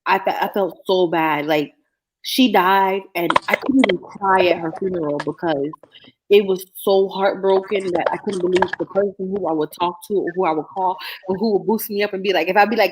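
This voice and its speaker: Woman cohost chatting, emotional storyteller, steady mid voice, hiss n clicks on the audio. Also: mid-range voice, moderate pace. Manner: emotional, storytelling, speeds up when moved. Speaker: co-host. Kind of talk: casual podcast chat.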